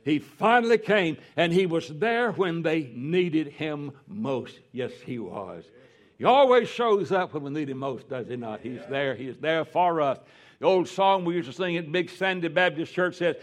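An older man preaching in a drawl, his voice sitting a little high for a man. He drops to a soft, slow hush, then climbs into loud, ringing exclamations. It has the fervent rise and fall of a revival sermon. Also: lively intonation. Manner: fervent preaching with sudden rises in pitch and volume. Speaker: pastor.

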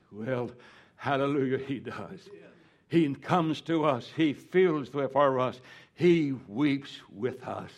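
An older man preaching a fervent sermon as a pastor, swinging from quiet, slow lines to sudden loud, high-pitched cries.

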